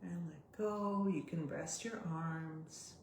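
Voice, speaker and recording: A woman coach leading a guided body exercise session, giving gentle step-by-step cues and sighing out loud along with the listeners. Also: low voice, gravelly, slight background noise. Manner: gentle, slow cues with audible sighs. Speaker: somatic coach. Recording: roomy echo.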